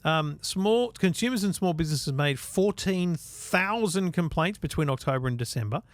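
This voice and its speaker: A man's voice: on the high side, lively intonation, moderate pace. A man co-hosting a tech podcast, wryly talking through figures in a casual way. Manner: wry, reads out figures conversationally. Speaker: podcast co-host.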